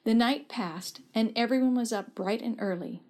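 A woman reads a family story aloud with a steady, gentle delivery. Her narration is plain and even-paced, in a storytelling style. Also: on the high side, normal speed.

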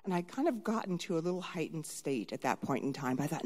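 A middle-aged woman telling a personal story live on stage, animated and dramatic, swinging from hushed asides to shouted lines. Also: low-pitched, fast talker, few pauses, in a large hall.

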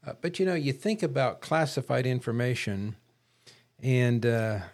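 A man talking casually about politics on a podcast, measured and wordy, and he often clears his throat. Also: mid-range voice, animated, a little mellow. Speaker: podcast co-host.

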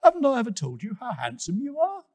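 A man's voice: extremely high pitch, wildly swooping pitch, fast talker, no echo, studio quality, pitched above the performer's own voice, exaggerated voice. A man voicing a playful, sly male animal who teases his friend in a children's story. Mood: wheedling. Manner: bright, teasing, wheedling.

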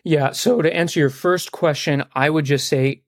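A man's voice: a little high, fairly even intonation, moderate pace, creaky, no echo. A man from South Carolina, a guest on a podcast, earnestly giving step-by-step advice. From South Carolina, USA. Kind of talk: casual podcast interview.

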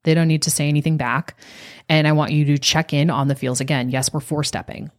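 A woman coach talking on a podcast, guiding listeners through an exercise and telling a story from a workshop in an animated way. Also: sits low, brisk. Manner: animated, acts out quoted voices.

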